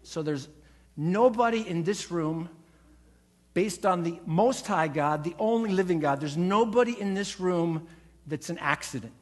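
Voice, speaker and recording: A man's voice: high voice, measured pace. A man preaching a sermon as a pastor, emphatic, acting out quoted voices and leading the congregation in call-and-response. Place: church sanctuary.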